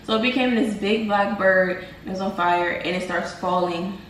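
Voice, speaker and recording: A young woman vlogger casually telling viewers about a dream, animated and slangy, talking to them as y'all. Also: medium pitch, normal speed, slight background noise. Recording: roomy, from a distance, faint ambience.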